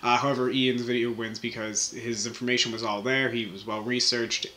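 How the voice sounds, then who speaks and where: A man's voice: medium pitch, flat delivery, brisk, bright, forceful tone, a little hiss or hum. Rambling young man recapping his week. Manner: rambling and jokey, many fillers and restarts. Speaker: channel host recapping the week. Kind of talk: casual video recap.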